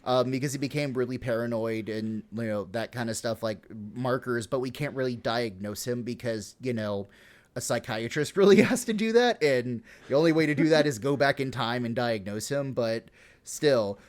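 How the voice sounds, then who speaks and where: Speaking at normal speed in a mid-range voice, this podcast host gives a casual retelling of history. It's loaded with swearing, laughter and filler words.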